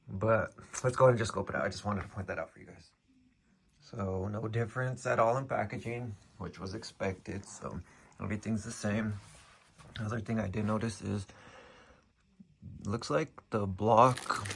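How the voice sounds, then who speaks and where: A man's voice: fairly low pitch, creaky, fairly bright tone. A man with a Southern US accent reviewing PC parts in a loose, rambling way, talking straight to his viewers from a cluttered room at home. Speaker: tech reviewer. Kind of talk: casual unboxing review.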